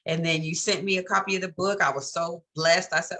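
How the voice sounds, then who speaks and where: Bright-voiced woman in candid chat. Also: lowish voice, fairly even intonation, fairly quick, a little hiss or hum. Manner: candid, storytelling, laughs often. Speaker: co-host. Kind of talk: casual chat.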